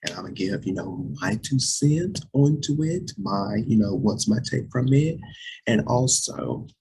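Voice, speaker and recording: A young man hosting a casual talk show, chatty and repetitive, speaking to viewers as "you guys", with a voice that cracks and drops deep. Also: lively intonation, measured pace, darkish tone, husky, poor audio. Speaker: host.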